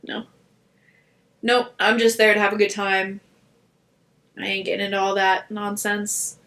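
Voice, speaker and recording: Woman podcast co-host, excitable rambler, bright tone. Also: medium pitch, unhurried. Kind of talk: casual chat.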